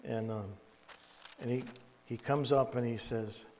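A man preaching in a storytelling way, halting and repeating words, with folksy asides. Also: medium pitch, fairly even intonation, a little mellow, a little hiss or hum. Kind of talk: storytelling Bible teaching. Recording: long echoey reverb.

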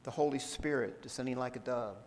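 A man preaching a sermon, reading scripture aloud in a measured way and explaining it to the congregation. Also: medium pitch, a little mellow, big-room sound, a little hiss or hum, poor audio. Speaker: pastor.

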